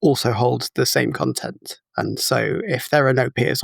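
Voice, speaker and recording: Joining a casual podcast as a guest over a video call, this man speaks at a medium pitch with a gravelly, unhurried voice and few pauses. The recording is dry, and he walks through technical points step by step, using lots of fillers.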